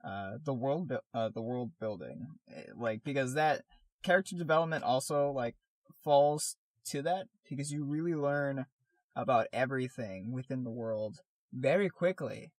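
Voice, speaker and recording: A man's voice: medium pitch, normal speed, darkish tone, dry recording. A man co-hosting a podcast in casual chat, rambling with lots of "like" and restarts as he gathers his thoughts. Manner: rambling, many fillers and restarts. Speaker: podcast co-host, artist.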